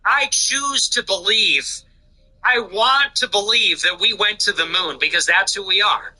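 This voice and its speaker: A man's voice: high-pitched, measured pace, pushed and bright, poor audio. A man hosting a livestream, talking in a casual, mocking, rambling way and swearing often. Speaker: livestream host.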